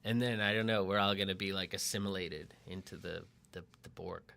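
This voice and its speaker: A middle-aged man from Massachusetts chatting casually on a podcast from a home barn studio, animated and self-deprecating, with frequent restarts. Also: deep voice, a little fast, creaky. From Lexington, Massachusetts. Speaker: podcast co-host, marketing writer.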